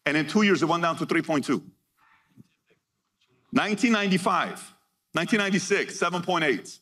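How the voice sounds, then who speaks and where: A man giving a motivational keynote to a live audience, energetic and punchy, reading figures out in short bursts and firing questions at the crowd. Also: a little high, brisk. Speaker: keynote speaker.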